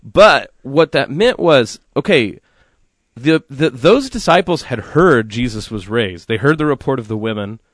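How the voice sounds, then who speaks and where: Male co-host, casual faith talk, lively storyteller, mid pitch, dead-dry room. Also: measured pace, no echo. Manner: animated storytelling with many fillers. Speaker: radio co-host.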